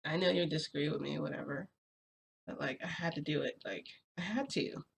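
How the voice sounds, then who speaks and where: A vlogger vents casually to viewers, rambling and confessing with many restarts and fillers. The middling-pitched voice is gravelly and creaky and a little fast, with faint noise humming beneath.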